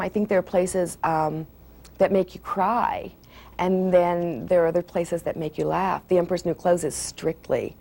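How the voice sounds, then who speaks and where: A woman's voice: fairly low pitch, creaky, a little mellow. A woman author from the United States, reading from her novel and chatting about her writing with many fillers.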